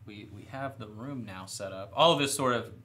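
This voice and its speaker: In a studio room with slight background noise, a young man with a lowish voice chats at normal speed while painting miniatures for a live stream. He rambles a little, relaxed and self-deprecating.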